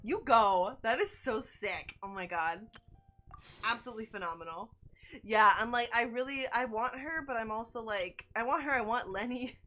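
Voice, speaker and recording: Bright, excitable young woman streamer. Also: on the high side, soft background music. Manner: excitable, chatty, quick reactions to chat. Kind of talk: casual gaming stream chat.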